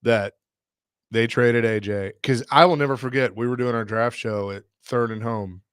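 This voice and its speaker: A man hosting a sports radio show, telling stories in a casual, animated way. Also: mid-range voice, moderate pace, smooth, no room sound, studio quality. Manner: storytelling, animated retelling with laughs.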